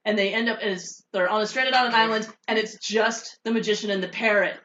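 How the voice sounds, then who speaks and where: Woman, giggly storyteller, bright voice, roomy echo, dull lo-fi audio. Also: mid-range voice, steady tone, fast talker, slight background noise. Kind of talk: casual comedy podcast chat.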